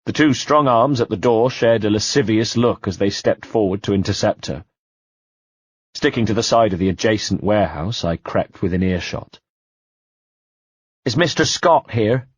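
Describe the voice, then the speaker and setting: A man narrating an audiobook in the first person, measured and quietly tense. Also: fairly low pitch, breathy edge, dry recording. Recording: dull dry home-studio sound.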